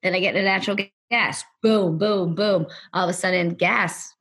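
A woman's voice: on the low side, fairly even intonation, normal speed, fairly bright tone, slightly rough. A woman guest on a podcast interview, telling a story casually, full of "like" fillers, sometimes acting out what others said. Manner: rambling, heavy use of "like" fillers; acts out other people's lines in quoted voices.

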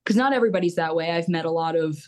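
Candid young woman singer, lower voice. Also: racing, darkish tone. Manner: open, candid, rambling with fillers. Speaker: singer-songwriter guest. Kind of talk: casual podcast interview.

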